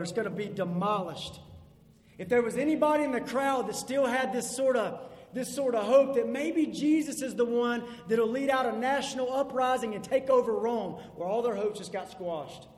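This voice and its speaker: Emphatic high-voiced preacher in an echoing hall. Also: male voice, normal speed. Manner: emphatic, building to loud peaks then dropping low. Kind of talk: expository sermon. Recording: echoey hall with long reverb, faint ambience.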